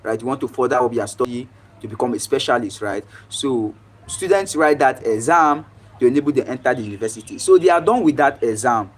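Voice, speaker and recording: A man's voice: medium pitch, a little fast. A man with a Nigerian accent talking casually on a live stream, explaining things step by step and checking in with "right?".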